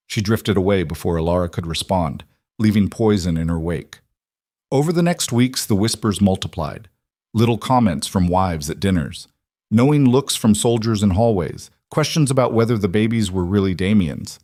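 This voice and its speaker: Brief: male narrator, low voice, measured dramatic read, dry close recording. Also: a little mellow, dry recording. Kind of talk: scripted story narration.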